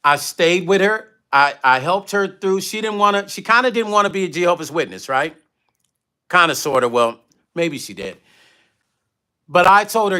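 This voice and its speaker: Blunt, bright-voiced man on a livestream. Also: high-pitched, normal speed, clear, resonant tone. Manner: blunt, animated storytelling, reads viewer comments aloud. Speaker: livestream host and musician. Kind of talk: candid livestream chat.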